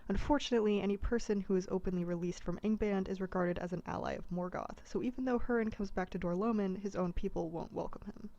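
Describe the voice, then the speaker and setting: A woman's voice: medium pitch, fairly even intonation, fast talker, few pauses, mellow, muffled recording. A woman narrating a comedic abridged retelling in a casual, irreverent way.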